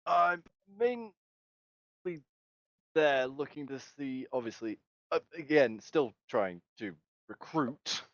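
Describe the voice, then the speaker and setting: A man's voice: mid-range voice, lively intonation, takes it slowly, pauses often, no room sound. A man playing a tabletop game, speaking bluntly and swearing casually. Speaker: player. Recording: dull lo-fi mic.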